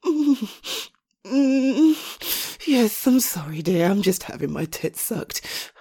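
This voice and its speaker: A husky-voiced young woman talks in a breathy, panting way, clearly out of breath. Her expressive delivery runs a little slow, with pitch dipping to low murmurs and rising to high exclamations, and she often drifts into a soft whisper.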